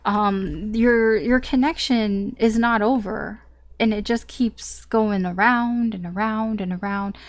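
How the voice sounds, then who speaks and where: A woman's voice: mid-range voice, fairly even intonation, takes it slowly. A woman reading tarot in a casual, unscripted way. She is candid and blunt and talks straight to the listener. She swears here and there as she lays out the cards. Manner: candid and blunt, swears, laughs between points. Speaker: tarot reader.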